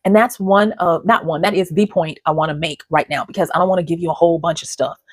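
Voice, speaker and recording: A woman's voice: fairly low pitch, fairly even intonation, fast talker, slightly rough, no room sound, clean studio sound. A woman hosting her own channel, talking to camera in a conversational, digressive way and often restarting her sentences. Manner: conversational and digressive, with frequent restarts and repeated words. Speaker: channel host. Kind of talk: casual talking-head commentary.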